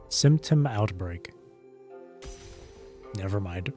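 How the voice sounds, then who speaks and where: Low-voiced man streaming a game. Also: expressive, moderate pace, darkish tone, faint music behind. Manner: reads game dialogue aloud and reacts casually. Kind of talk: casual gameplay commentary.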